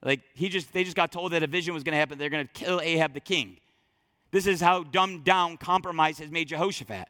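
Emphatic high-voiced preacher in a hall. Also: male voice, fairly quick. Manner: emphatic, storytelling, swings loud and soft. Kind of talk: sermon. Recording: long reverb in large hall.

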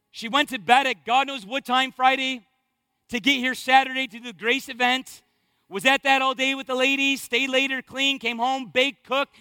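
High, bright-voiced male pastor preaching. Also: smooth, no room sound. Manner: preaching with rising fervor and rhetorical questions. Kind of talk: sermon.

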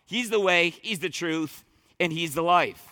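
A male pastor preaching with a high, bright, ringing voice and an emphatic, fervent delivery that doubles words as he launches each phrase. The voice sits close and dry, with a long reverb tail like a large hall. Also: a little slow. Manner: emphatic, repeats words when starting phrases. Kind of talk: sermon.

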